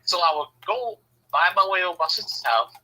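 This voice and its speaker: A man from Southern California telling personal stories in a casual, animated way, swearing freely and acting out the voices he quotes. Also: high voice, fairly quick, slightly rough, poor audio. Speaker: speaker sharing personal stories. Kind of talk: casual storytelling.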